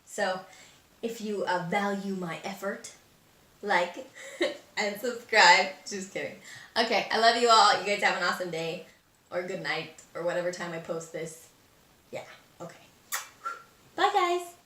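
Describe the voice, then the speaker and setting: A tired, slightly hoarse woman chatting casually through a makeup review, rambling and poking fun at herself. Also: medium pitch, measured pace, pushed and bright, roomy sound, recorded from a distance. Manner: chatty, self-deprecating, rambling. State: tired, hoarse late at night. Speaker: beauty vlogger. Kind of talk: casual product review chat.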